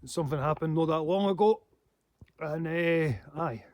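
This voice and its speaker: Male vlogger, higher-pitched voice, dry close sound, rambling and swearing. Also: a little slow, a little mellow, no echo. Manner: heavy swearing, laughing to himself. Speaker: paranormal channel host. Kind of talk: casual rambling monologue.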